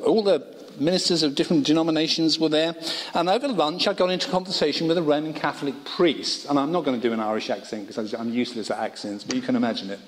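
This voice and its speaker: A man preaching a sermon in a college worship service, talking in a conversational way with humorous asides. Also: a little high. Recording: long reverb of a hall.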